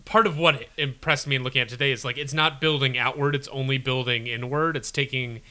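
A man's voice: medium pitch, steady tone, brisk, sharp tone. A man co-hosting a podcast in casual chat, enthusiastic with lots of "like". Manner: enthusiastic, filler-heavy. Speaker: podcast co-host.

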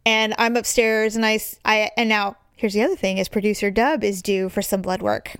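A middle-aged woman hosting a casual chat, telling an animated story and acting out the voices of people she quotes. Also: medium pitch, a little fast, smooth, no room sound, clean studio sound.

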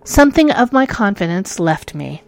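A woman narrating a ghost story in an expressive reading, moving between hushed and urgent tones. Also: medium pitch, moderate pace, gravelly, soft background music.

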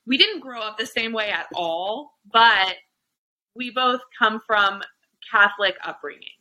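A young woman hosting a podcast in easy, rambling conversation. Her voice is bright and forward, full of fillers and quick restarts. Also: a little high, animated, muffled recording. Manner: chatty, lots of fillers and restarts. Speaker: podcast host. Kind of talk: casual chat.

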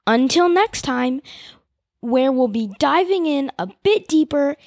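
A woman podcast host reading a novel aloud in a steady, expressive way. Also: sits high, slow pace, no room sound.

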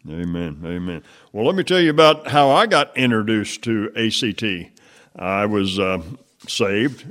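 This is a man with a somewhat low voice hosting a casual interview. He affirms his guest often, putting in short yeahs and amens as the guest talks. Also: fairly bright tone. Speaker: host.

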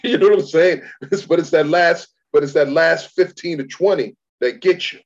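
Husky guy co-hosting sports chat, keeps stammering the first words, muffled lo-fi sound. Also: a little high, normal speed. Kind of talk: casual sports talk.

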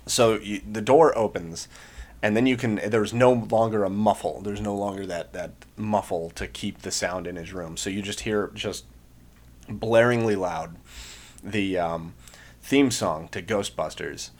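A young man with a somewhat low voice tells a long story in loose, casual podcast chat. He rambles with plenty of fillers and restarts. Now and then he bursts out acting other people's shouts. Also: steady tone, unhurried. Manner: rambling, many fillers, acts out quoted shouts. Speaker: podcast co-host, Marine veteran.

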